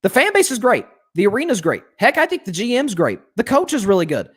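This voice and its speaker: A man's voice: sits high, wildly swooping pitch, a little fast, husky. A young man hosting a sports commentary show, ranting with indignation and lots of restarts.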